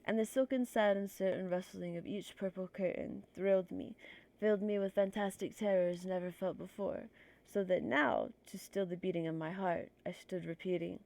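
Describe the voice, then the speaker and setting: A woman's voice: on the low side, steady tone, normal speed, gravelly, darkish tone. A woman streamer with a stuffy nose reading poetry aloud on a livestream, nervous and self-conscious, apologizing for her slips.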